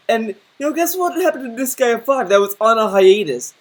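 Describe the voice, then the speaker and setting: A man's voice: high-pitched, expressive, a little fast, hardly any pauses. A man giving critical commentary, ranting indignantly and mocking what he hears. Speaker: commentary YouTuber.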